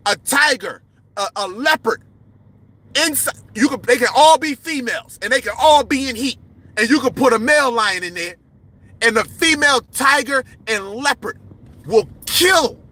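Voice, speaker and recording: A man hosting a livestream, ranting with passion in a confrontational, preachy way and often yelling. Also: extremely high pitch. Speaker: livestream host. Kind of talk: heated livestream rant.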